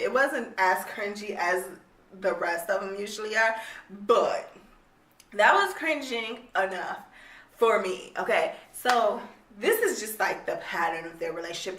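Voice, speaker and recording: Exasperated and swearing freely, a young woman gives a casual rant review of a book she hates, speaking bluntly at a moderate pace. Her medium-pitched voice is expressive and fairly bright, recorded in an echoey room on a distant mic with slight background noise.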